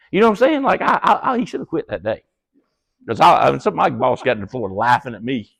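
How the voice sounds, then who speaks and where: A man's voice: fast, gravelly. A man giving a casual motivational talk to his team, folksy and blunt, swearing and laughing often as he tells stories. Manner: animated storyteller, acts out quoted dialogue in high excited voices. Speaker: business leader speaking to his team. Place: cabin event room with a live audience.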